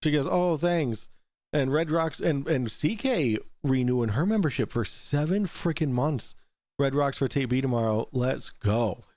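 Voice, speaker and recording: A man's voice: medium pitch, lively intonation, a little slow, darkish tone, dry recording, clean studio sound. A man hosting a casual livestream, reading out super chats in a loose, rambling way, swearing freely and laughing often. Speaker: livestream talk show host.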